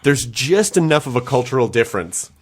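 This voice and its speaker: A man's voice: mid-range voice, sing-song, fairly quick, breathy edge. A middle-aged man hosts a casual podcast interview in an ordinary mid-range voice. He muses aloud and circles back as he builds long, thoughtful questions. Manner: thoughtful, rambling questions with restarts. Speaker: podcast host.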